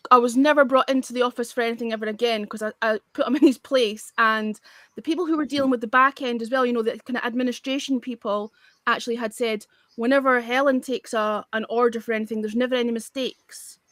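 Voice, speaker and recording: Scottish woman venting about an old job, high voice, dead dry sound, blunt n candid. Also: fairly even intonation, quick pace, a bit bright, no echo. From Scotland. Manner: candid, blunt storytelling with restarts. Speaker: guest. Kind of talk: casual chat.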